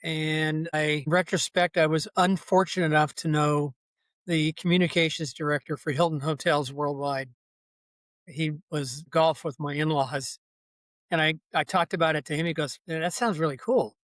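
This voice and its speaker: A man's voice: fairly high pitch, fairly even intonation, normal speed, fairly bright tone, dry recording. An older man, a podcast guest, telling long casual anecdotes full of asides. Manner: rambling, folksy anecdotes with many asides. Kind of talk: casual storytelling.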